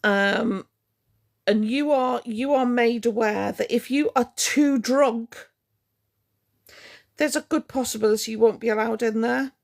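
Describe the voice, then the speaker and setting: A woman's voice: on the high side, a little slow, vocal fry. A woman, ranting sarcastically to her livestream chat and greeting viewers as she goes. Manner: cross, sarcastic, blunt. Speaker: livestream host.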